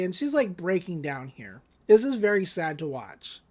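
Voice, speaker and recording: A woman's voice: lowish voice, very animated, normal speed, a little mellow. A woman co-hosting a podcast, casually retelling anime scenes with lots of fillers and "she's like" quotes. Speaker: podcast co-host.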